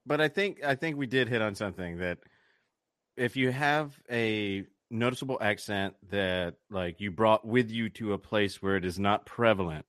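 A man's voice: lowish voice, normal speed, a bit bright, smooth, no echo, studio quality. A man from Georgia, hosting casual banter, joking and crude and laughing often.

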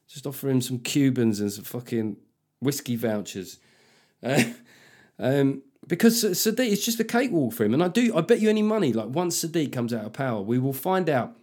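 Male comedian host, mid-pitched voice, sardonic rambling monologue, swears freely. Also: darkish tone. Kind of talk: solo comedic podcast monologue.

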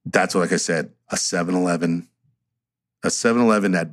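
A man's voice: deep voice, fairly quick. A man telling stories in a casual podcast chat, swearing freely and acting out what people said. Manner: profane, animated storyteller acting out quotes.

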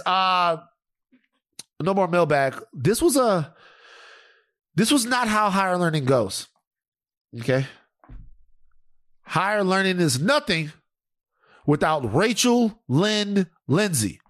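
A man's voice: mid-range voice, no room sound, clean studio sound. A man hosting a podcast, telling profane stories in casual chat. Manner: animated, profane storytelling. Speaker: podcast host.

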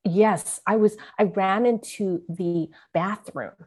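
Woman reading her own story on a show, earnest, vivid, mid-pitched voice. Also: takes it slowly, a little mellow, husky. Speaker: guest author. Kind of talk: memoir reading and interview chat.

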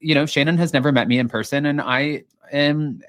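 A man with a fairly high voice chats through a reality TV recap. He talks loosely and playfully, slipping into short mimicked quotes as he goes. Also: steady tone, fairly quick, a bit bright. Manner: chatty, acts out quotes in bits of mimicry. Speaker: podcast host. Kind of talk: casual recap chat.

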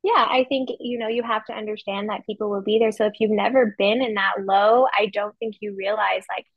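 A woman's voice: mid-range voice, fairly even intonation, brisk, no room sound, highs cut off. A woman co-hosting a podcast in casual chat, talking candidly and chatty. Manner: candid, chatty, acts out her own quotes. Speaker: podcast co-host.

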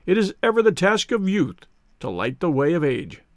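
A hearty, kindly old grandfather who is quick to exclaim, as a man reads him in an audiobook. The voice is a little high and dry. He talks with cheerful warmth. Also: very animated, no room sound. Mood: fond.

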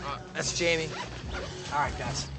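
A man's voice: fairly high pitch, a little slow, natural voice. An actor playing a laid-back, sheepish young man in a TV comedy-drama. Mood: nervous. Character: easygoing young man, nervous about his girlfriend. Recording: TV scene with loud ambience.

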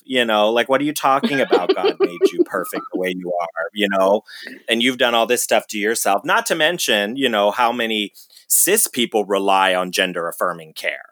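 A man's voice: mid-range voice, a bit bright, no room sound, clean studio sound. A man in casual chat, ranting with lots of swearing and laughing between points.

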